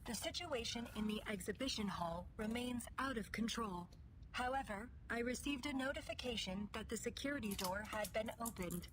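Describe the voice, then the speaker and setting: A woman's voice: fairly high pitch, normal speed, background noise, lightly acted. A woman voicing a formal, loyal female android security guard in a video game, speaking in a precise, composed way. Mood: composed, dutiful.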